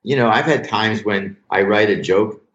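An older man, a comedy writer as a podcast guest, telling show-business stories in a lively, profane, casual way. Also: lowish voice, normal speed. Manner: animated anecdotal storyteller, swears freely. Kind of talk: casual storytelling interview. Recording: roomy, dull lo-fi sound.

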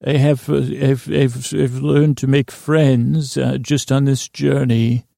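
A man's voice: mid-range voice, creaky, warm tone, no echo, studio quality. A man voicing a naive young boy king who rambles and stammers in earnest. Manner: halting, stammering and childishly earnest. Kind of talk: improvised comedy voice acting.

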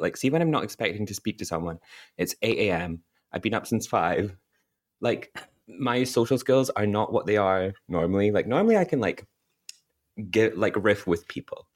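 Lower-voiced Scottish young man, rambling storyteller. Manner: rambling storyteller, laughs mid-sentence. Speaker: podcast co-host. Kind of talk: casual chat.

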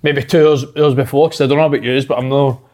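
A man's voice: mid-range voice, steady tone, fast, darkish tone. A Scottish man co-hosting a casual podcast, telling his story in a plain-spoken way. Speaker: podcast co-host. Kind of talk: casual chat.

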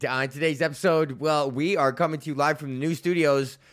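A man's voice: fairly high pitch, steady tone, fairly quick, fairly bright tone. Rambling, foul-mouthed male podcast host. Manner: profane, rambling, self-interrupting. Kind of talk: solo comedic rant.

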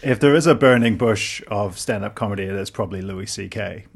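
A man's voice: fairly low pitch, fairly quick, vocal fry, a crowd in the background. A man from the Pacific region, a guest comedian telling a mock-outraged story in casual podcast chat.

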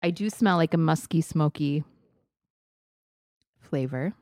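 A lower-voiced woman with a Wisconsin accent chats playfully with a friend on a podcast. She laughs easily and jokes as she goes. The sound is dry and close on the mic. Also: slow pace, dark tone, no room sound. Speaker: podcast co-host. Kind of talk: casual chat. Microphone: close studio mic.

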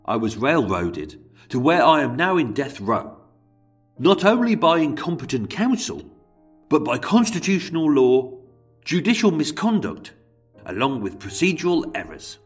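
Brummie accent, vain self-pitying killer, put on by a man, mock-earnest letter reading, very animated. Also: mid-range voice, unhurried, faint music behind. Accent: Birmingham.

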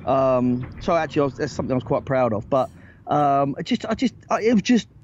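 A man telling animated anecdotes as a guest in a casual podcast interview, full of restarts and asides. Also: medium pitch, fairly quick, highs cut off, slight background noise. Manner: animated anecdotes, rising excitedly, lots of restarts. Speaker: guest, former football agent.

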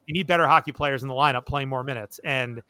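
Bright-voiced man hosting a casual podcast. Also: medium pitch, fast talker, clear, resonant tone, dry recording. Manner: thoughtful, analytical, many fillers and restarts. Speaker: podcast host. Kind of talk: casual chat.

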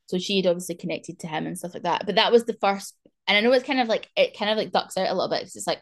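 A woman's voice: on the low side, rapid-fire. A young woman hosting a podcast, chatting in a rambling way full of fillers. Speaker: podcast host. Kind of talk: casual chat.

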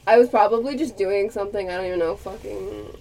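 A woman's voice: mid-range voice, quick pace, creaky, mellow, distant mic, a little hiss or hum. A young woman from Boston with a light Boston accent, co-hosting a podcast in casual chat, laughing often and swearing freely. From Boston area. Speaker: podcast co-host.

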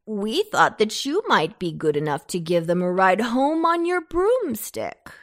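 A woman's voice: medium pitch, big pitch swings, measured pace. A woman voicing a grand, lordly talking pumpkin with courtly manners in a storybook reading.

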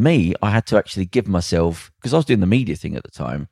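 Gravelly man, blunt rambling podcaster. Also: lowish voice, expressive, fast, mellow, no echo, clean studio sound. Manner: rambling, blunt storytelling with slang and mimicked voices. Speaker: podcast co-host. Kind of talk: casual podcast chat.

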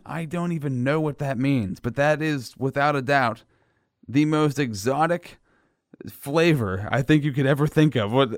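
A man's voice: on the high side, expressive, unhurried, no room sound, studio quality. A man hosting a radio show, joking and rambling in casual chat.

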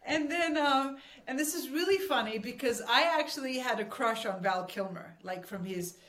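A woman's voice: high-pitched, moderate pace, fairly bright tone. A woman telling stories as a guest actress, chatty and laughing often. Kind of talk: casual storytelling interview. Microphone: remote call mic. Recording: roomy echo from a distance.

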